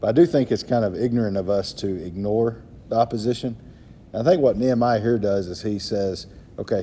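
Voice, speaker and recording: A man's voice: lowish voice, mellow, slight background noise. A man talking thoughtfully in a casual group Bible study discussion.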